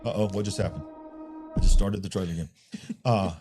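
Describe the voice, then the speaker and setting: A man's voice: low voice, steady tone, fairly quick, music in the background. A man co-hosting a Christian ministry show, reviewing a film in casual chat and speaking emphatically, often repeating words as he gets going.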